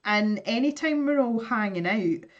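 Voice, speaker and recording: A woman's voice: a little high, animated, a little slow, dull audio. A woman with a Scottish accent hosting an art live stream, chatting casually while she draws, laughing often and greeting viewers.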